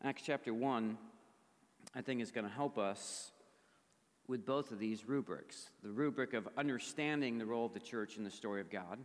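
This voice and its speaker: Hoarse pastor preaching in a reverberant hall. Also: male voice, medium pitch, moderate pace. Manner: conversational, asks the audience questions. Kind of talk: sermon. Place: church gathering hall. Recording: long reverb of a large hall.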